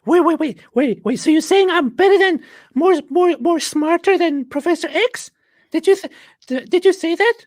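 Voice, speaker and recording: A man putting on a squeaky boastful braggart. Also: normal speed, dry recording, clean studio sound. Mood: gloating. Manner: gloating, preachy mock address to the audience. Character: boastful squeaky-voiced man mocking a rival.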